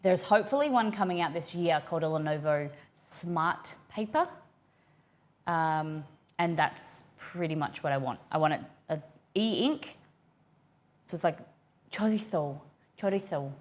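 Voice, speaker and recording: A woman's voice: low voice, expressive, measured pace. A young woman hosting a cooking livestream, chatting casually and rambling as she reads her viewers' messages aloud.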